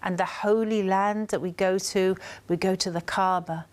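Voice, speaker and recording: Scouse lady chatting as an interview guest, lively storyteller, middle pitch. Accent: Liverpool (Scouse). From Liverpool, England. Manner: animated storyteller, slows down on emotional points. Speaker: guest author. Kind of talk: casual interview chat.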